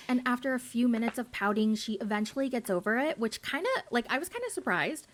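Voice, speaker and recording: A woman's voice: a little high, animated, fast talker, hardly any pauses. Sarcastic gossipy woman recapping a show. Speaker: YouTube recap host.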